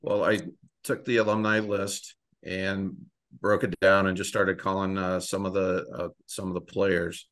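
A man who organizes the program, explaining in a halting way with many fillers. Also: deep voice, level tone, a bit bright. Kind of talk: casual explanation.

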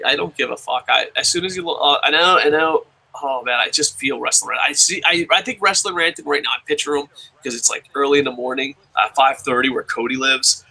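With poor audio and a voice on the high side, a young podcast host reads listener comments aloud. He's excitable and rambling, chatting casually and swearing throughout.

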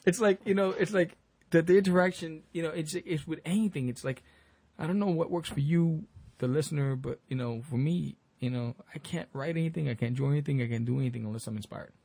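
A man's voice: on the high side, quick pace, gravelly, hardly any pauses, darkish tone, no room sound. A man, a comic creator talking in a casual podcast roundtable, rambling through stories with many restarts.

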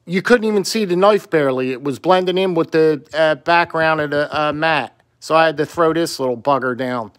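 A man's voice: a little high, normal speed, hardly any pauses. A man from South Jersey, rambling chattily to camera about knives, with playful sing-song moments. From South Jersey, USA. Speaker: knife collector vlogger. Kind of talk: casual chat to camera.

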